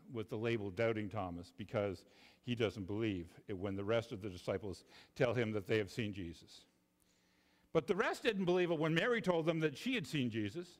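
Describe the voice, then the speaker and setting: A man preaching a sermon, expressive, often dropping low and quiet for emphasis and repeating himself as he goes. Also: in a large hall. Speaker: pastor.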